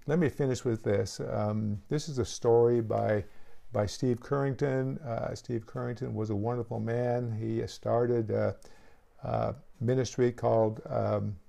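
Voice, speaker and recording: A man preaching a sermon in a gravelly voice at a middle pitch. His tone is dark and mellow, and he pleads earnestly with his listeners. He restarts his phrases often as he talks. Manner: earnest, pleading altar call with frequent restarts. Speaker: pastor.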